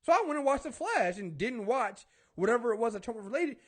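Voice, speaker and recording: A man hosting a casual talk show, ranting with animated, swinging pitch and quick pace. His voice sits high for a man. He acts out little exchanges and swears freely. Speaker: podcast host. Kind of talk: casual chat.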